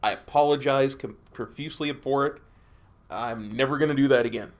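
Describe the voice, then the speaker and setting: A man's voice: mid-range voice, fairly quick. A man streaming a game, chatting casually with his viewers in a laid-back, rambling way. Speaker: gaming streamer. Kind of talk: casual gameplay chat.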